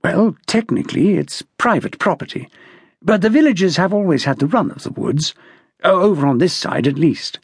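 A man's voice: high-pitched, animated, moderate pace, slightly rough, dry recording, clean studio sound, heavily acted. A man voicing an older aristocratic landowner, polite, well-spoken and eager to help.

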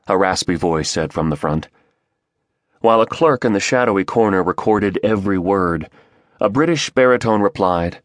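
A man narrating an audiobook in a dramatic, expressive scripted style. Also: sits low, normal speed, no room sound, clean studio sound.

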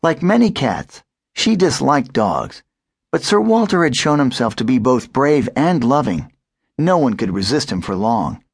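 A man narrating a children's audiobook with expressive storytelling. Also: mid-range voice, measured pace, creaky, breathy edge, no echo, clean studio sound.

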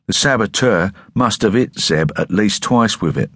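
A man's voice: on the low side, animated, moderate pace, fairly bright tone, no echo, clean studio sound, pitched above the performer's own voice. A man voicing a stern young male revolutionary leader who speaks in a curt, accusing way.

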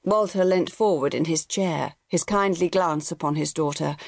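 A woman narrating an abridged audiobook novel in a measured storytelling manner. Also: low-pitched, creaky, no room sound, studio quality.

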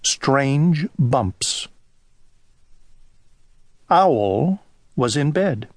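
A man narrating a children's storybook audiobook in a gentle, deliberate storytelling manner. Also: mid-range voice, expressive, no room sound.

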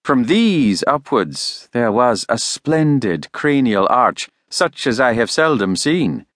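A man narrating a classic audiobook in a measured, expressive reading. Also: medium pitch, no echo, clean studio sound.

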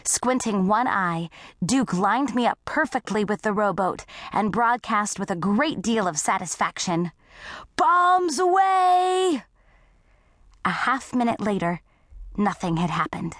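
A woman narrating a first-person audiobook story in a scripted, unhurried way. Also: mid-range voice, fairly bright tone, no room sound, clean studio sound.

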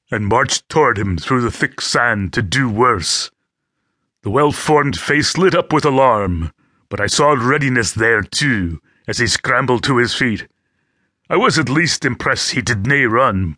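A man's voice: medium pitch, expressive, a little slow, sharp tone, husky, no echo. A man reading a first-person audiobook with gritty, vivid storytelling, close to a studio mic. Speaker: audiobook narrator.

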